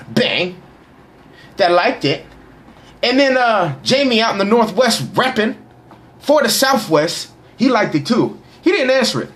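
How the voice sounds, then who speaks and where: A young man giving casual, boisterous shout-outs to followers in a profane, slangy way. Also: very high-pitched. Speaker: vlogger reading social media shout-outs. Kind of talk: casual live shout-out chat.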